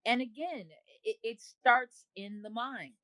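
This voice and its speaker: A woman's voice: a little high, slow, pushed and bright, dry recording, rough recording. Earnest woman guest host. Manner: earnest, searching for words. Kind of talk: opinion discussion.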